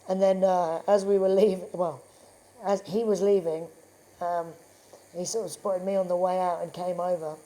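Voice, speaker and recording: A man's voice: high voice, little pitch movement, normal speed, warm tone, rough recording. A man chatting as a guest in a tattoo studio. He tells stories casually, swears freely and laughs often. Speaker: actor guest. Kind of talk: casual chat.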